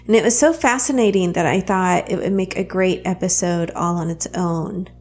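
A woman's voice: on the low side, normal speed, darkish tone, breathy edge. A woman with a Southern US accent hosting a podcast, talking in a chatty way and laughing easily. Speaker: podcast host. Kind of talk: casual podcast interview.

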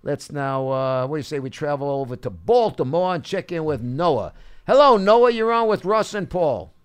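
A man hosting a sports call-in radio show, talking excitedly with many stammered restarts. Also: fairly high pitch, normal speed, smooth.

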